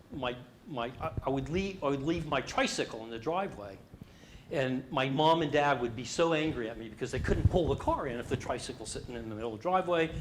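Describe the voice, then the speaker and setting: A middle-aged man with a medium-pitched voice presents an interactive leadership workshop. He speaks with animation and asks the audience questions. The recording carries a little hiss or hum.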